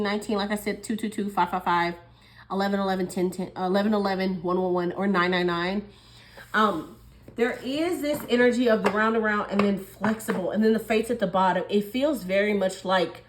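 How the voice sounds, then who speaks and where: A woman giving a casual tarot reading, chatty and musing, often laughing as she talks. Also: mid-range voice. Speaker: tarot reader.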